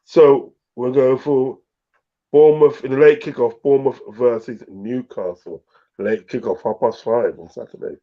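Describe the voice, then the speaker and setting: A man hosting a casual live football predictions stream, slowly reading viewer comments aloud in an easygoing way. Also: mid-range voice, fairly even intonation. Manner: slow, easygoing, reads chat aloud haltingly. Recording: dull lo-fi stream audio.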